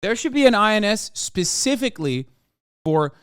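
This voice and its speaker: A man's voice: sits high, very animated, moderate pace, clean tone, no echo, studio quality. A man livestreaming, giving heated, profane, sarcastic commentary while reacting to a news piece.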